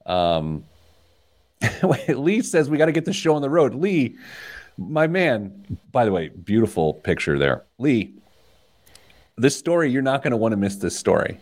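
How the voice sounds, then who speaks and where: A man's voice: a little slow, long pauses. A man hosting a podcast, chatting casually and telling playful, rambling stories. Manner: playful, rambling storyteller with lively pitch swings. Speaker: podcast host. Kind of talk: casual chat.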